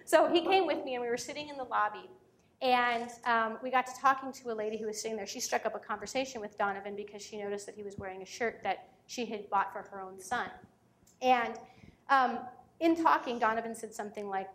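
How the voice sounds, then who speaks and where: A woman's voice: on the high side, a little fast, fairly bright tone. A woman in her thirties giving an earnest talk on parenting, telling personal stories and turning emotional. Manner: earnest, storytelling, turns emotional. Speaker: speaker on parenting.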